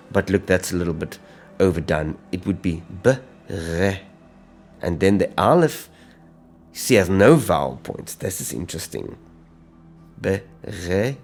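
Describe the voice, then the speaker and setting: A man teaching a step-by-step pronunciation lesson, speaking slowly and deliberately and sounding out each letter. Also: low voice. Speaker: Hebrew teacher.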